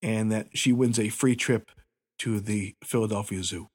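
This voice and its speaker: A man's voice: lowish voice, steady tone, normal speed, a little mellow, slightly rough. A middle-aged man co-hosting a podcast in casual chat, rambling, laughing and swearing a lot. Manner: profane, giggly, rambling. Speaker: podcast co-host.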